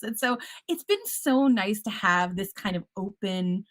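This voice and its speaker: A woman's voice: mid-range voice, lively intonation, a little slow, few pauses, fairly bright tone. Upbeat woman teacher giving a talk. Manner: upbeat, enthusiastic, a bit punny; casual fillers and self-corrections. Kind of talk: conference presentation.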